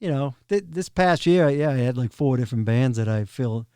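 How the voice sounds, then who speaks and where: A man's voice: mid-range voice, expressive, moderate pace, warm tone, smooth, dry recording, studio quality. A middle-aged man, a podcast guest telling easygoing, humorous anecdotes. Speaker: guest, drum tech. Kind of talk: casual interview chat.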